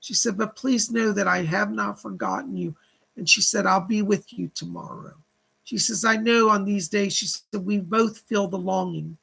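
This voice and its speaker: A man's voice: high-pitched, fairly even intonation, normal speed, vocal fry, bright, forceful tone, slightly rough. A man hosting a live psychic reading stream, reading viewer donations and relaying spirit messages in long chains of "she said". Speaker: psychic medium host.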